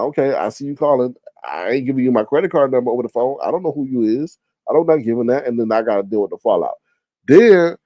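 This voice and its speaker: Animated man telling a profane story. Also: no echo. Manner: animated, profane, jumps into high-pitched exclamations when quoting himself. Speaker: streamer host. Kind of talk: casual storytelling rant.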